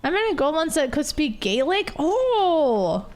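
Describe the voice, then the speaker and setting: Woman streamer, high voice, very animated, chatty commentary. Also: a little slow. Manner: chatty, excitable, gasps and laughs. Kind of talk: casual let's-play commentary.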